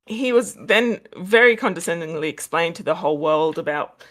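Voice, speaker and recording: An Australian woman chats casually as a guest on a video call from home near her kitchen, rambling with plenty of fillers and laughter. Her voice is lowish, expressive and fairly bright, at a moderate pace.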